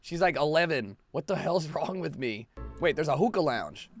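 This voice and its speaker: A young man giving profane, excitable let's play commentary as a gaming video host, now and then bursting into shouts. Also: a little high, normal speed, faint music behind.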